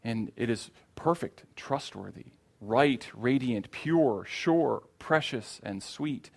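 A man's voice: mid-range voice, expressive, takes it slowly, creaky. A man preaching a sermon in a church, earnest and repeating key phrases for emphasis.

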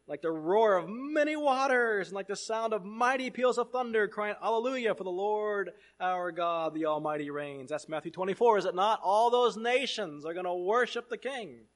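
A man preaching a sermon, reading scripture aloud and swinging between loud proclamation and hushed asides. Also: high voice, normal speed, few pauses.

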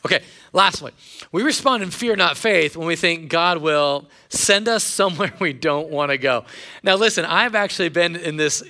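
A man's voice: fairly high pitch, moderate pace, bright, forceful tone. A male pastor giving a sermon in a casual storytelling way, with self-deprecating humor.

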